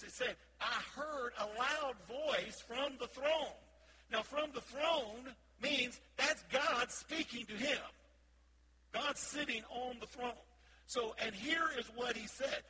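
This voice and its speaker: High-voiced guy preaching a sermon, gets real loud then goes quiet, humming noise behind. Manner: swings between loud emphatic shouts and quiet asides; admits he speaks loudly most of the time. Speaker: associate pastor.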